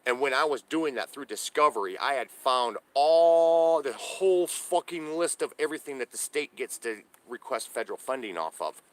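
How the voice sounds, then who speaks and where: A man's voice: mid-range voice, lively intonation, normal speed, few pauses. A middle-aged man vlogging from his trailer, ranting to camera in a profane, aggrieved way and often restarting his sentences. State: homeless, living in a trailer. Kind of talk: casual rant to camera. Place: inside a parked trailer on a hot day. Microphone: handheld camera.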